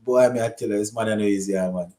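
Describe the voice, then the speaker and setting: A man's voice: on the low side, steady tone, quick pace, dark tone, reverberant. A man with a Caribbean accent commentating live on a cricket match for a watch-along stream. He laughs a lot and slips into local Creole.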